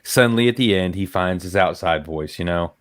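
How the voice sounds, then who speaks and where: A man's voice: sits low, brisk, fairly bright tone. A man co-hosting a movie review podcast, talking in a laid-back, joking casual way. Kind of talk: casual chat.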